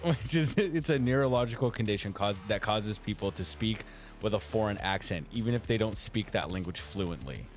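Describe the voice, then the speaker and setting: Male stream co-host, somewhat low voice, animated and laugh-prone, reads chat aloud over soft music. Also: normal speed. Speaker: co-host reading chat on a live art stream.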